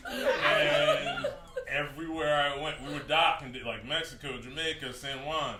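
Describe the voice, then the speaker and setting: A man's voice: fairly high pitch, huge pitch swings, measured pace. A male comedian telling a rambling story on stage, laughing as he goes. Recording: echoey club from far off, noisy.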